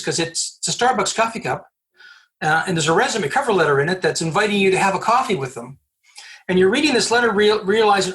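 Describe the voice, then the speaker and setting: A man's voice: sits high, fast talker. Man telling stories as a podcast guest. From Canada. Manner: animated storyteller, acts out dialogue, frequent restarts. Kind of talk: storytelling interview answers.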